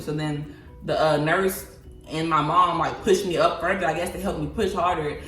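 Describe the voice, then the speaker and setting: A woman in her twenties casually telling a personal story to her viewers, chatty and animated. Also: deep voice, moderate pace. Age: 20s. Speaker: vlogger. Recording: echoey room, voice a bit far from mic, faint music.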